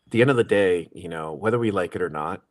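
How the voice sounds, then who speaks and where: A man's voice: deep voice, fast talker. A man co-hosting a casual chat, cartoonist, joking in wry asides. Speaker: podcast co-host, cartoonist.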